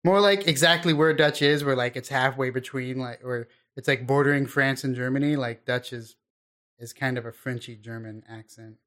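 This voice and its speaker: A man co-hosting a podcast in casual chat, rambling and laid-back, often trailing off quietly. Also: mid-range voice, normal speed. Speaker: podcast co-host.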